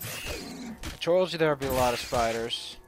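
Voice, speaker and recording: A man's voice: medium pitch, measured pace, over music. A man from the Netherlands, rambling and swearing goofily as he comments on his gameplay. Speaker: let's play host.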